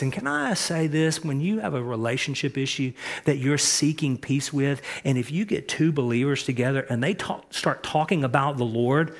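Male pastor, slightly high voice, emphatic sermon delivery with repeated phrases. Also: lively intonation, normal speed. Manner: emphatic preaching, swings between soft and loud; repeats key phrases, frequent restarts.

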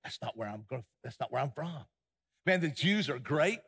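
A man's voice: medium pitch, expressive, moderate pace, gravelly, fairly bright tone, husky. A man preaching a sermon as pastor, impassioned, stumbling and repeating words as he goes. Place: church sanctuary. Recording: long hall reverb.

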